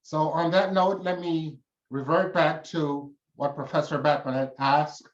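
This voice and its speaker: Man, guest speaker, formal address, slow, emotional, oratorical. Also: fairly high pitch, fairly even intonation. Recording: echoey room, dull lo-fi sound.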